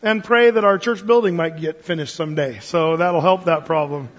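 Man, pastor, sermon, high voice, enthusiastic, animated, fillers, long church reverb. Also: moderate pace, highs cut off.

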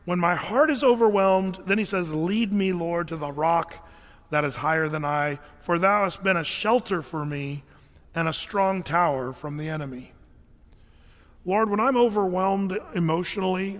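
A man's voice: sits high, fairly bright tone, in a large hall. A middle-aged man preaching a sermon in a conversational way, with casual fillers and restarts. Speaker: pastor.

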